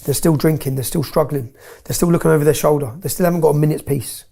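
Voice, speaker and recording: A man's voice: a little high, fairly even intonation, fast, creaky, warm tone, husky. A man telling stories with emphasis as an interview guest, often tagging his points with "yeah?". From England. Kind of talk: heated interview storytelling.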